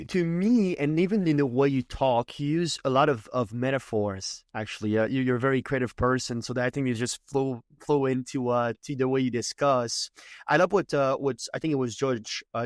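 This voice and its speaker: A man hosting a podcast, asking questions in a halting way with many "uh"s. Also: mid-range voice, dry recording, clean studio sound. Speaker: podcast host. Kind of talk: interview questions.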